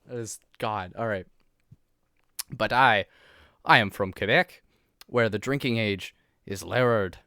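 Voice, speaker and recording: A man's voice: fairly low pitch, unhurried, pauses often, pushed and bright, clear, resonant tone, dry recording, studio quality. A man voicing a tipsy young woman from Quebec in a text adventure, with a patchy put-on French accent and a slurred, exaggerated delivery. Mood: boastful. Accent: put-on French, partial.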